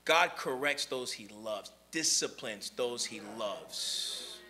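A young adult man preaching a conversational sermon, animated and acting out the voices he quotes. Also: mid-range voice, slow pace.

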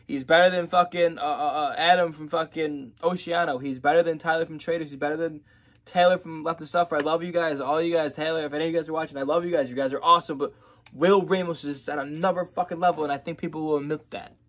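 Excitable, foul-mouthed young man reacting. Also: a little high, fast talker. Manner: excitable, profane, rambling. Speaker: music reaction YouTuber. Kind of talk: casual reaction commentary.

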